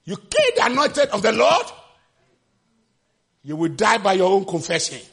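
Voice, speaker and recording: High, gravelly impassioned preacher man. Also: huge pitch swings, normal speed. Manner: impassioned, shouting refrains; acts out quotes with sudden pitch jumps. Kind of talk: sermon.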